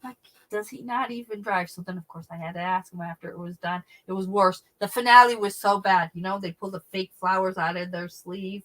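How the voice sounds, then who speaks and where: Speaking a little fast at medium pitch, a middle-aged woman reads her chat and tells a humorous story during a laid-back livestream. Animated, she cusses and laughs between words, and the audio is rough.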